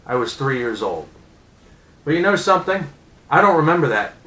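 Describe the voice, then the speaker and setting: A man in his thirties ranting angrily as a sports fan, profane and sarcastic, with loud outbursts. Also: a little high, very animated, moderate pace, roomy sound, low-quality recording. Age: 30s. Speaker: vlogger. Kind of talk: angry sports fan rant.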